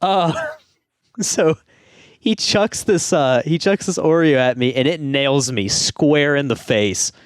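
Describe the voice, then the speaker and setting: A man's voice: a little high, slow pace, clear, resonant tone, no room sound, clean studio sound. A young man co-hosting a podcast, telling a rambling story in casual chat and laughing through it. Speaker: podcast co-host.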